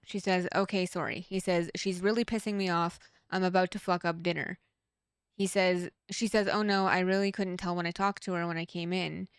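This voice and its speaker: Smooth, low-voiced woman reading and commenting. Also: moderate pace, dry recording, clean studio sound. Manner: reads texts flatly, blunt asides with swearing. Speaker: true crime reaction host.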